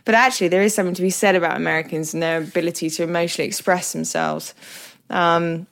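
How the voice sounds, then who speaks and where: A woman with an English accent talks alone into her podcast, candid and reflective, poking fun at herself as she goes. Her voice sits a little lower than most women's. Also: steady tone, fast, a bit bright. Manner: reflective, candid, self-deprecating humour. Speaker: podcast host. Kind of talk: solo podcast monologue.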